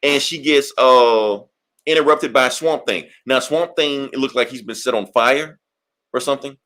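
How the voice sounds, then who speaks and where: A man's voice: medium pitch, moderate pace, fairly bright tone. A man co-hosting a podcast, recapping a comic in rambling, profane casual chat. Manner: rambling, profane, laughs often. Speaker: podcast co-host.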